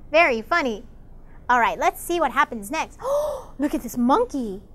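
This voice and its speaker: Excited woman teaching kids a storybook, swoopy voice, gasps a lot. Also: high voice, unhurried. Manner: enthusiastic, gasps often, explains in Korean. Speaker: English teacher reading a picture book. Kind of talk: bilingual storybook lesson for children.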